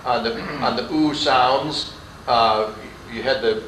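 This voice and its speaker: Male vocal coach, mid-pitched, patient and hesitant, recorded from afar in an echoey room with faint hiss. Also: slow, fairly bright tone, far from the mic. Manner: patient, hesitant, demonstrates sounds. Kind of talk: quartet workshop instruction.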